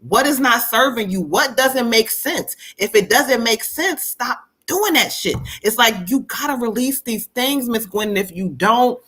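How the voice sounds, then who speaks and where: A woman reads tarot live on a stream, talking to a viewer. Her voice is bright and ringing. She is animated and laughs often, and slips into a sassy voice when she quotes spirits. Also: on the high side, a little slow, hardly any pauses, breathy edge. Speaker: psychic medium giving readings.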